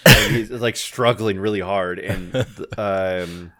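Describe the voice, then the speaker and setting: A man's voice: sits low, steady tone, takes it slowly, sharp tone. A man co-hosting a podcast, chatting casually and rambling through movie scenes, often laughing as he retells them. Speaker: podcast co-host. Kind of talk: casual chat.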